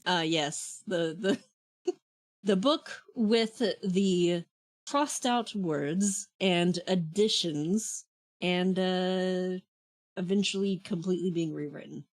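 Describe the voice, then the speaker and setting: A soft-spoken woman co-hosting a casual podcast chat, laughing often and chiming in with short agreeing murmurs. Her voice sits low, and she speaks very slowly and unhurriedly. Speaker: podcast co-host.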